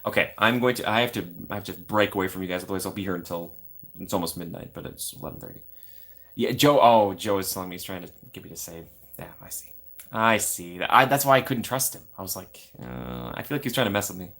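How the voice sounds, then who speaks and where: Man, fairly low voice, young adult, live stream host, playful, self-mocking, chatting to viewers from home. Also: expressive, fast, gravelly, fairly bright tone. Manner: playful, self-mocking, reads chat aloud. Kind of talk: casual live stream chat.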